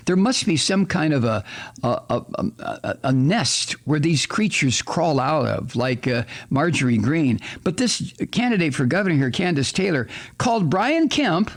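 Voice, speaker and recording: A man hosting a political talk radio show, ranting angrily with lots of profanity and exasperated, sarcastic asides. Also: a little high. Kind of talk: political commentary monologue.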